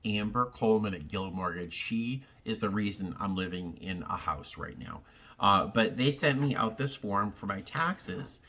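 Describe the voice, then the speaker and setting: A man from Massachusetts vlogging in a casual, heartfelt way, halting and rambling with lots of ums and restarts. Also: fairly low pitch, pushed and bright. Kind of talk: casual direct-to-camera chat.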